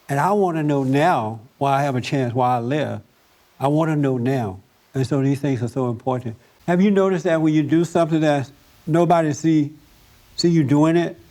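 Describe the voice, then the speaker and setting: A man's voice: on the high side, mellow. Man preaching in a chatty, story-telling way. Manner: chatty and anecdotal, laughs at his own stories, talks directly to listeners. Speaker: pastor leading a Sunday service. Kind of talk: conversational sermon with storytelling.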